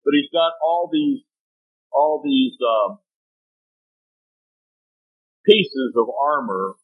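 A man preaching a sermon, telling folksy stories with sudden jumps in pitch. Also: animated, very slow, breathy edge. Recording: tinny phone-like audio.

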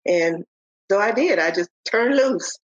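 An older woman, a podcast guest, telling the story of her faith in a halting way, with many pauses and restarts. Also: mid-range voice, animated, no room sound. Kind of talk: telling a personal faith testimony. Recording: dull, lo-fi audio.

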